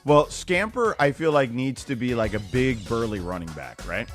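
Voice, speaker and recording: Animated, rambling male radio co-host. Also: medium pitch, moderate pace, faint music behind. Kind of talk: morning sports talk radio.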